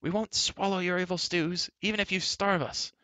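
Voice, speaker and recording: A man doing a hot-tempered shouting bard. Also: medium pitch, fairly quick, dry recording, pitched above the performer's own voice. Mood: furious. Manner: shouting, indignant. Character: hot-tempered male bard, loud and boastful. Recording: dull lo-fi recording.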